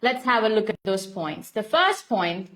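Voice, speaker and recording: In a sing-song, unhurried way, a young woman with an Indian English accent runs a live online English class. Her mid-range voice is a bit bright. She goes over each step at length, repeats herself often, and addresses viewers by name.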